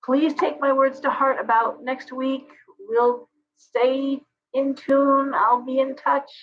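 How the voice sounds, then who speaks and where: A woman hosting a live tarot reading, chatty and meandering with many asides, her voice going hoarse. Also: high voice, slow, muffled recording. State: losing her voice.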